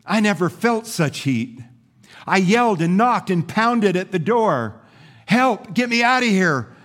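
A pastor voicing a frightened, complaining talking teacup that pleads and cries out while it is shaped, fired and painted in a sermon story. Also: male voice, high-pitched, lively intonation, a little slow, pitched above the performer's own voice. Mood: panicked.

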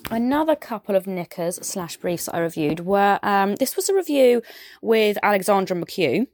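Chatting casually and enthusiastically as a podcast presenter, a woman with a strong southern English accent fills her talk with fillers and asides. Her medium-pitched, slightly mellow voice swings widely in pitch at a moderate pace, recorded cleanly in a studio with no room sound.

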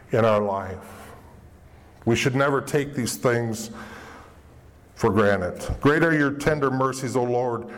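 Guy preaching a sermon, earnest, long echo off a big hall. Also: mid-range voice. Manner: earnest preaching, acts out quoted inner voices. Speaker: pastor.

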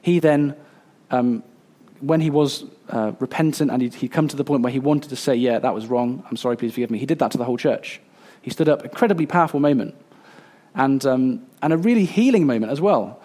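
A man in his thirties preaching a sermon, earnest and a little halting, with fillers and restarts. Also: mid-range voice, animated, dark tone. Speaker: pastor.

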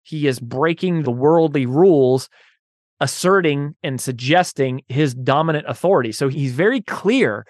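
A man's voice: a little high, normal speed, no room sound, clean studio sound. A man hosting a casual Bible teaching talk, chatty and full of "you know" and "right?", turning emphatic as he preaches. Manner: conversational, many fillers like "right?" and "you know"; grows emphatic and louder when preaching about love. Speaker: Bible study host.

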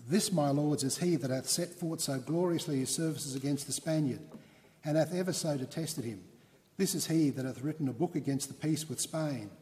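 Man reading bombastic accusing prosecutor, mellow tone, long reverb. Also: mid-range voice, close to an everyday voice. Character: blustering hostile male prosecutor, insulting.

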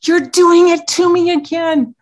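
A woman's voice: on the high side, measured pace, breathy edge, pitched above the performer's own voice. A woman voicing an irritable teenage boy who argues and whines over dinner. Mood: exasperated. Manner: exasperated, whiny.

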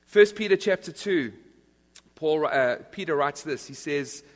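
A man's voice: fairly high pitch, lively intonation, measured pace. A man preaching a sermon as pastor, earnest and emphatic, often restarting his phrases. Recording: long reverb of a large hall.

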